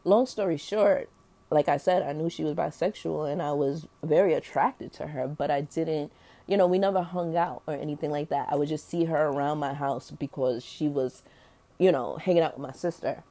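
A woman's voice: deep voice, moderate pace, warm tone. A young adult woman telling a personal story in a candid, slangy, rambling way, full of fillers and explicit language. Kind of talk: casual storytelling.

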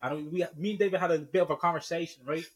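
A man's voice: on the high side, fairly even intonation, fast talker, breathy edge. A young Irish man with a Dublin accent, a podcast guest chatting casually and tagging almost every phrase with "man" and "obviously". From Ireland. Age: young adult. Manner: says "man" and "obviously" constantly, bantering.

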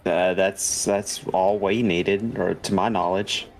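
A man's voice: sits low, fairly even intonation, takes it slowly, soft background music. A man playing in a tabletop game, teasing his friend dryly and starting his lines a little hesitantly. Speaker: player. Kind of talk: casual tabletop game chat.

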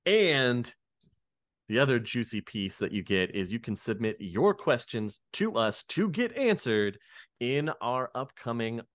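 A man's voice: medium pitch, big pitch swings, measured pace, a bit bright, no echo, clean studio sound. A man hosting a podcast in an easygoing way, chatting and plugging the show, laughing often. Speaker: podcast host. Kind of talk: casual chat and show promo.

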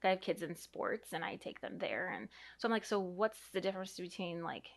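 A woman's voice: lowish voice, a little fast, creaky. A woman in her thirties or forties, a mother co-hosting a podcast, chatting in a rambling, easygoing way. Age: 30s to 40s. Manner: chatty and rambling, reads aloud from an article. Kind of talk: casual podcast chat.

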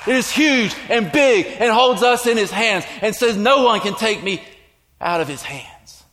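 Pastor, male, very high voice, emphatic sermon delivery with shouted peaks, echoey church hall. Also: animated, a little slow, slight background noise. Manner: emphatic, with sudden shouted lines. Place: church sanctuary.

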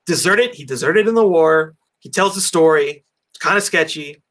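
A man with a highish, fairly bright voice and lively intonation speaks at a moderate pace over his own mic on an online call. He hosts a casual movie review chat, rambling with plenty of fillers and restarts.

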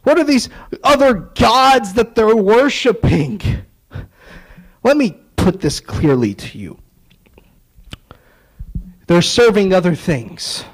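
High-voiced storytelling preacher man. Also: big pitch swings, takes it slowly, long pauses, poor audio. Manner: storytelling, acts out dialogue, sarcastic asides. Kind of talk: sermon.

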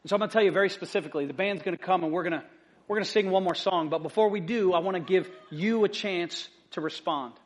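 A male pastor with a high-pitched voice preaches to his congregation. He talks with emphasis, pushing some points out loud and dropping others to a hush. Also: fast talker. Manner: emphatic, swings from loud to hushed. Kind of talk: sermon. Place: church sanctuary.

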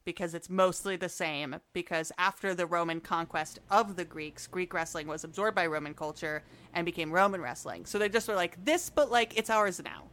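A woman's voice: on the low side, steady tone, normal speed, fairly bright tone. A woman co-hosting a podcast, telling history in a playful, jokey way and laughing often. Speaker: podcast co-host. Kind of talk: casual history chat.

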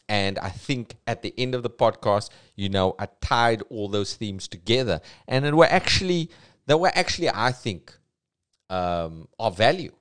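A middle-aged man rambling through a joking solo podcast, self-mocking and jumping between mumbles and loud bursts. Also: fairly low pitch, expressive, a little slow. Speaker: podcast host. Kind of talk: solo comedic podcast monologue.

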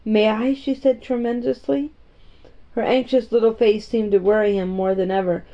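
A woman narrating a storybook in a gentle, even-paced reading voice. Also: on the high side, moderate pace. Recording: dull, muffled audio.

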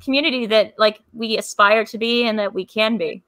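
Bright-voiced woman, rambling chatter. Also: on the high side, a little fast, no room sound. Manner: rambling, filler-heavy, animated storytelling. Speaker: podcast guest. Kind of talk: casual chat. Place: lives in New York.

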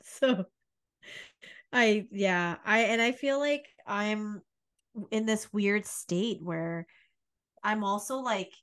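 A woman's voice: medium pitch, takes it slowly, pauses often, a bit bright, smooth. A woman co-hosting a podcast in casual chat, rambling through analogies and laughing often. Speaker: podcast co-host.

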